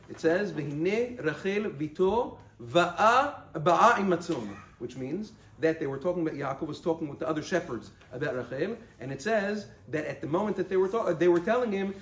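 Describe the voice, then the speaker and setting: A man, a rabbi, giving a short halacha lesson, explaining step by step and slowing down to stress words when he quotes verses. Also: fairly high pitch, a little mellow. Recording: roomy echo.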